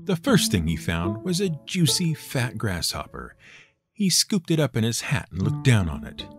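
Wry, expressive man telling folktales. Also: medium pitch, normal speed. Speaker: storyteller host. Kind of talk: scripted folktale narration. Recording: guitar music playing beneath. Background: guitar music.

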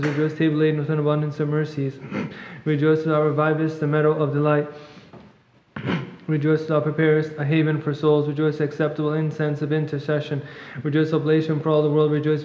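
A man reading a long liturgical hymn in rapid chant at a monastery service, clearing his throat now and then. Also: on the high side. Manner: fast monotone recitation, clears throat at times. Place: church. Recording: echoey church, long reverb, muffled.

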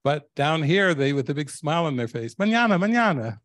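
A man's voice: a little high, fairly quick, fairly bright tone, no echo. An older man, a spiritual teacher, telling stories to a live audience and laughing often. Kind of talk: storytelling talk to a live audience.

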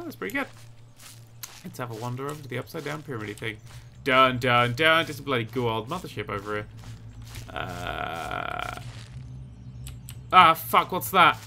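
A young man commentating his own game, jumpy and quick to yelp and swear when startled. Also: mid-range voice, gravelly, sharp tone, slight background noise. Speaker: gaming YouTuber. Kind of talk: let's play commentary.

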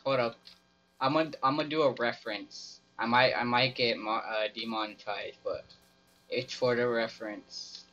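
A man's voice: mid-range voice, steady tone, normal speed, pushed and bright. A young man giving goofy, melodramatic commentary while playing a game, on a slightly dull lo-fi mic. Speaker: gaming YouTuber. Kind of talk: playful gameplay commentary.

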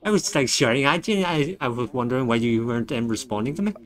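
A man playing a co-op horror game, out of breath, panicky, shouting and swearing at his teammate. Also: mid-range voice, lively intonation, quick pace. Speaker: gamer.

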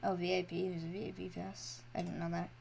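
A woman giving casual commentary over her own game as a channel host, excitable and shifting from quiet mumbling to loud, high shrieks. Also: quick pace, vocal fry, a little hiss or hum.

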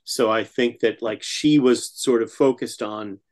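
A man with a mid-range voice chats as a guest writer in an interview. He speaks in a measured way, filling pauses with um and you know. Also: medium pitch, steady tone. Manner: measured, with fillers. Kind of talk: casual interview chat.

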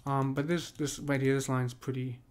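A poetry teacher with a mid-range voice and level tone talks at a moderate pace. He rambles casually through an explanation of poetic meter, restarting often and checking in with "right?" again and again.

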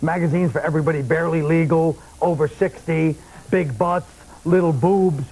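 A male comedian as a talk show guest, riffing with wry deadpan and mock-serious asides. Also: fairly high pitch, normal speed, rough recording. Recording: old broadcast tape with faint hiss.

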